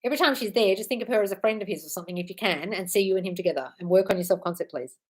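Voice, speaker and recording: An Australian manifestation coach hosts a live-stream Q&A, reading out comments and replying bluntly but affectionately, calling listeners "darling." Her mid-range voice comes out rapid-fire.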